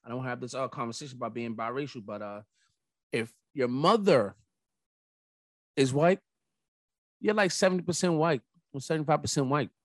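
A young adult man hosting a casual solo podcast, telling rambling, animated stories with emphatic asides. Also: mid-range voice, a little fast, long pauses, no echo. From New York. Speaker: podcast host.

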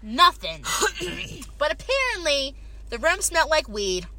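A young woman co-hosting a casual chat, swearing and exclaiming while joking about being high. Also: big pitch swings, a little slow. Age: young adult. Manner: swearing, says she is high, exclaims loudly. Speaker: podcast co-host.

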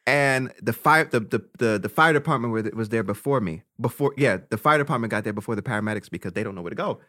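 A young man tells a story on a casual podcast. His pitch swings widely as he cusses freely and laughs through his lines. He talks like he is chatting with an old friend. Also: animated, quick pace, bright, forceful tone. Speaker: podcast co-host.

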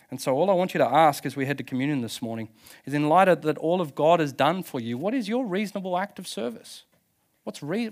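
A man preaching a passionate sermon as pastor at a church service, emphatic, with restarts and laughs. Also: a little high.

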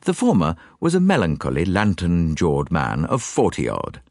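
A man reading a story aloud as an audiobook narrator, in a measured, storytelling manner. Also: low-pitched, huge pitch swings, a little mellow, no echo, clean studio sound. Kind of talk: scripted narration.

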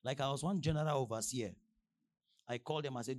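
A young adult man from Nigeria with a Nigerian accent, preaching a sermon with big swings between shouted declarations and quiet asides. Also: medium pitch, lively intonation, fast talker. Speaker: pastor.

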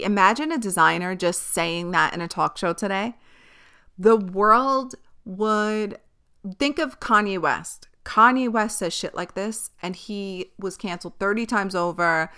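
A woman's voice: mid-range voice, measured pace, bright, forceful tone, clean tone. A young woman hosting a casual solo podcast, chatty and candid, swearing and laughing easily. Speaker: podcast host.

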